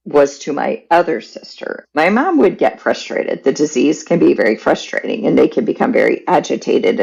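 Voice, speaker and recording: Woman, gravelly voice, husky, lively intonation, candid personal storytelling. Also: deep voice, muffled recording. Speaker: podcast guest.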